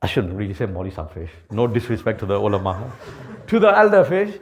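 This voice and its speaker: A man's voice: fairly low pitch, big pitch swings, a little fast, a little hiss or hum. A man giving a sermon as vivid, dramatic storytelling, mixing in Urdu and Arabic words. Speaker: Islamic preacher.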